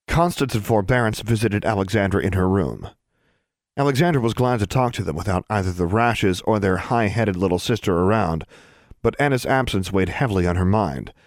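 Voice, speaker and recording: Low-voiced male audiobook narrator. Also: dry recording, studio quality. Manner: steady, even storytelling.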